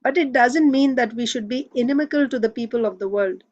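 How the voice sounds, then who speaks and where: A woman reading a book aloud in a measured, steady way. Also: fairly high pitch, highs cut off. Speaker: reader.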